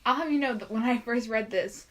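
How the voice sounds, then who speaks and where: A woman's voice: on the high side, fairly quick, a bit bright. A young woman on a podcast, casually introducing the next fan fictions in a matter-of-fact way. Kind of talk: casual chat.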